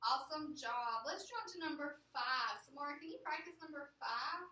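A woman's voice: sits high, lively intonation, moderate pace, pushed and bright. A woman teaching a phonics lesson to a classroom, repeating rules and giving firm directions. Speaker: elementary school teacher. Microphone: camera at a distance. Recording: echoey classroom, far-off mic, faint hiss.

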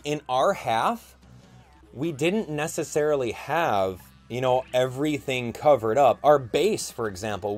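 Chatty young man narrating gameplay. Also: mid-range voice. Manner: chatty, excitable, thinks aloud with fillers. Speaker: gaming YouTuber. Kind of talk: gameplay commentary.

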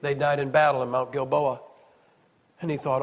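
A man preaching a sermon with emphatic rhetorical questions, swinging from loud declarations to hushed storytelling. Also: medium pitch, little pitch movement, normal speed. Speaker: evangelist preacher. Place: large church hall. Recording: long hall reverb.

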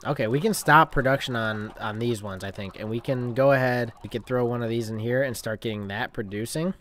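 A man narrates his own gameplay in a loose, self-talking way, counting and planning aloud. His voice sits at an ordinary middle pitch. Now and then he breaks into playful mock outrage. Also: brisk, fairly bright tone. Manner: chatty, talks to himself, bursts into mock rage. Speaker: gaming channel host. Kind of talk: casual let's-play commentary.

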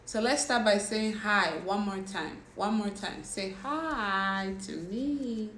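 Slow-talking young woman livestreaming, roomy echo. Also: medium pitch, a bit bright. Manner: chatty, teasing, reacts to comments. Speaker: livestream host. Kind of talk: casual livestream chat with viewers. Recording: roomy echo with faint background noise.

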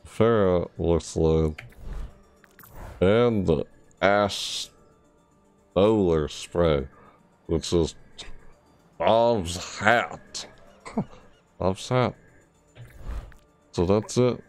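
A low, gravelly man's voice drifts along at an unhurried crawl, muttering and rambling to himself as he plays. He sounds tired and sleepy, a casual game streamer talking half to his viewers and half to himself, with faint game music underneath. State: tired, yawning. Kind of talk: casual live-stream commentary.

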